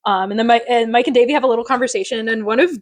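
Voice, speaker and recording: A woman co-hosting a podcast, recapping a TV episode in casual chat with animated, giggly asides. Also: a little high, rapid-fire, no room sound. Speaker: podcast co-host.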